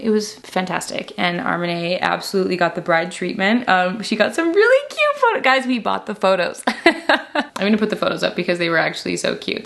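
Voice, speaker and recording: Bubbly young woman, worn gravelly voice. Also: medium pitch. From Canada. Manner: bubbly, chatty, lots of "like" and "oh my gosh". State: voice worn from screaming. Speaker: beauty vlogger. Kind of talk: casual chat to camera.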